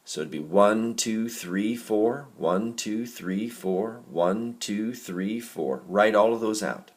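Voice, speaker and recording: A man teaching a music reading lesson, patient and gentle, walking students through rhythm exercises. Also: lowish voice, takes it slowly. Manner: patient, gentle instructor, demonstrating rhythms by singing syllables.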